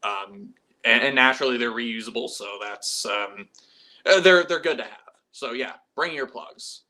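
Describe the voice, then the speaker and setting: A man's voice: medium pitch, unhurried, pushed and bright. A man hosting a casual live stream about metal music, reading viewer messages and rambling animatedly, swearing freely. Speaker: metal YouTube channel host.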